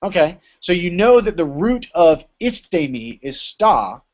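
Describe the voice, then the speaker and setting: Male teacher, casual lecture, keeps asking "right?", slightly high voice, muffled lo-fi audio. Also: very animated, measured pace. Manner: explains with many rhetorical checks like "right?". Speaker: Greek teacher. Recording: dull lo-fi recording.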